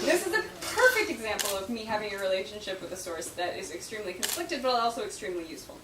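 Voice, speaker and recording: Chatty author in an echoey room. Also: female voice, mid-range voice, big pitch swings, fast talker, hardly any pauses, a crowd in the background. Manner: chatty, laughs often, many fillers. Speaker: author answering questions. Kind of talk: casual Q&A talk. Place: book event room. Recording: echoey room, distant mic, noisy.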